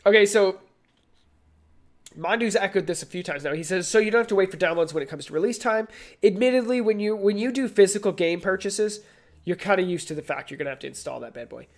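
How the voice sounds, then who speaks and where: A man's voice: sits high, expressive, fast talker. A man co-hosting a casual live gaming chat, rambling with many fillers and restarts. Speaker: co-host.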